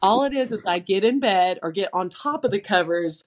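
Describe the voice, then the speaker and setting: A woman co-hosting a chatty podcast, talking in a lively way and laughing as she goes through a list of tips. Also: mid-range voice, moderate pace. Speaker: podcast co-host. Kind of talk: casual chat.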